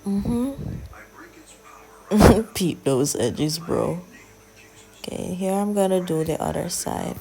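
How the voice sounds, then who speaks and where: A young woman chatting casually in a soft, often half-whispered drawl as she narrates a hair-braiding tutorial. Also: fairly low pitch, expressive, takes it slowly, vocal fry, long pauses, over music. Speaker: hair vlogger.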